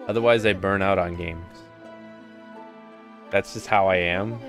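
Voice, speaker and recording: A man streams a game live and talks through it at an unhurried, easy pace. His chat is rambling and loose, full of asides as he reads the on-screen lines aloud. Soft game music plays faintly underneath. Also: deep voice, steady tone. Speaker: gaming streamer. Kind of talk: casual live game commentary.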